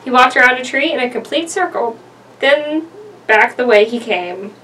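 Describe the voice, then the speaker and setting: A woman's voice: high-pitched, animated, moderate pace, sharp tone, far from the mic, a little hiss or hum, low-quality recording. Giggly young woman reading a spooky story. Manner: giggly, joking, breaks into laughter. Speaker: co-reader of a horror story. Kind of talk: casual story reading with banter.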